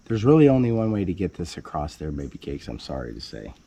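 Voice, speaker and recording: A man's voice: sits low, huge pitch swings, quick pace, creaky, mellow. A man casually explaining construction work at his building site, joking around as he goes. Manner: playful, joking, calls viewer "baby cakes". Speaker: homesteader building his house.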